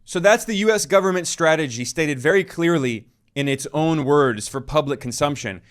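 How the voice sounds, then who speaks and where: A male journalist reading a scripted news report in a measured, emphatic way. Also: on the high side, animated. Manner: measured, emphatic delivery with quoted passages.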